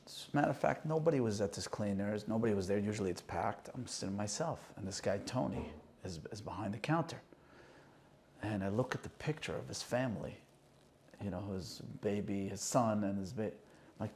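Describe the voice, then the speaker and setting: A man's voice: on the low side, fairly quick, a little mellow, slight background noise. A man hosting a conversation, telling a personal story with emotion and acting out the quoted dialogue. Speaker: host and singer.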